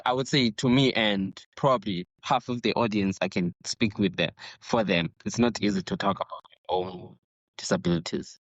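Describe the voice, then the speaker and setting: A man hosting a podcast interview, speaking earnestly and haltingly, often restarting his sentences. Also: on the low side, no echo. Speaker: podcast host. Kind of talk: casual interview conversation. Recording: dull dry lo-fi sound.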